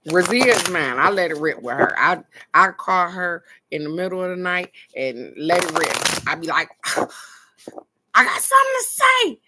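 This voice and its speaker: A woman's voice: on the low side, normal speed, background noise. A woman hosting a casual live oracle card reading, chatting with viewers, laughing often and reading each card's text aloud.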